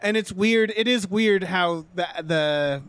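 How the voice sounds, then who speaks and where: A man's voice: sits high, slow pace, fairly bright tone, clear, resonant tone, dry recording. A man co-hosting a podcast, chatting casually about movie trailers with many restarts and fillers. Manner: rambling, frequent restarts and fillers. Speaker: podcast co-host.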